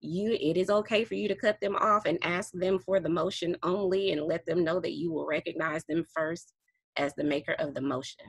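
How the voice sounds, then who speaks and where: Husky woman leading a study group. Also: fairly low pitch, fairly even intonation, a little fast, dry recording. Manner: explanatory, laughs often, self-correcting. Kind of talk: online teaching session. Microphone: video call.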